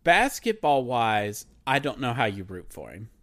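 A man co-hosting a casual sports podcast, animated and mocking, laughing as he talks. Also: mid-range voice, measured pace. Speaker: podcast co-host.

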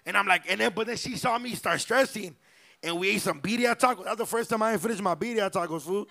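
Brief: young man, bright and high-pitched, profane rambling storyteller at a live show. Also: fast talker, vocal fry. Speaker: podcast co-host. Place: live pop-up show venue.

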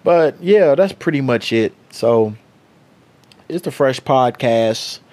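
A man's voice: medium pitch, slow pace. Profane laid-back podcast host, man. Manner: loose, profane, animated storytelling with quoted asides. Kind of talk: casual solo podcast storytelling.

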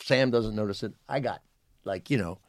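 A man's voice: on the low side, moderate pace, no room sound, studio quality. A man in his sixties, a comedian guest on a podcast, telling a long story in casual chat and acting out the lines of people in it. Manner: animated storyteller, acts out quotes.

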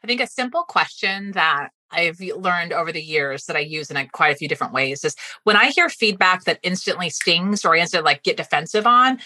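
A woman guest on a podcast interview, a fast-talking, animated storyteller giving advice. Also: on the low side, no room sound. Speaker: guest speaking coach.

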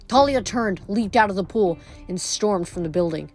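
A woman reads a novel aloud in a steady, expressive way. Her voice has a middle pitch. Faint music plays quietly under the reading. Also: normal speed, hardly any pauses. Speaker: audiobook reader.

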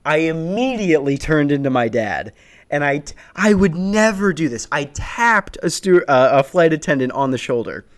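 A man's voice: on the high side, sing-song, moderate pace. A man in his twenties telling a rambling, profane stand-up story that builds into a worked-up rant. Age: 20s. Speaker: stand-up comedian.

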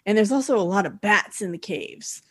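A woman's voice: medium pitch, lively intonation, fairly quick, a bit bright, slightly rough. A woman with a mid-range voice, co-hosting a podcast and retelling a cartoon plot. She chats casually and leans on "like" as she talks. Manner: storytelling recap, chatty, with many "like"s. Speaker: podcast co-host. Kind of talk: casual chat recapping a cartoon episode.

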